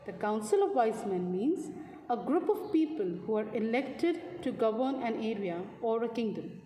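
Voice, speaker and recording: Brief: woman teacher, slightly high voice, patient explanations for children. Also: expressive, warm tone, a little hiss or hum. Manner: slow, explanatory, repeats "students". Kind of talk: explaining a story lesson to young pupils.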